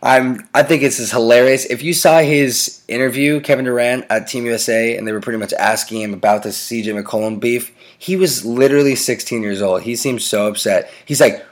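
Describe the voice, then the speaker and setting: A man's voice: medium pitch, steady tone, brisk, hardly any pauses. A man hosting a casual sports podcast, ranting with strong opinions. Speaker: podcast host.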